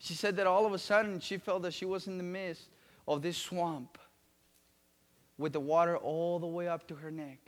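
A man preaching a sermon, telling a story with great emotion and swinging between loud pleading and hushed, quiet tones. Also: sits high, steady tone, normal speed. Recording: long reverb of a large hall.

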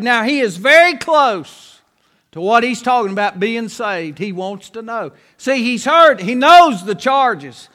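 High, bright-voiced preacher. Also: male voice, big pitch swings. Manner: preaching with emphatic, drawn-out phrases and folksy asides. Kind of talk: sermon. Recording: long hall reverb.

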